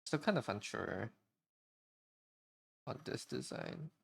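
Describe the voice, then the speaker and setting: A man's voice: medium pitch, wildly swooping pitch, slow, creaky, fairly bright tone, slightly rough, no echo, studio quality. A man chatting casually on a live stream while he draws, rambling and goofy, with hiccups.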